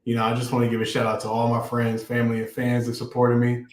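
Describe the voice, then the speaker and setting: Relaxed male rapper in an echoey room. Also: mid-range voice, fast talker. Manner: relaxed, many fillers. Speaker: rapper, interview guest. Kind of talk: casual interview chat. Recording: roomy, echoey sound.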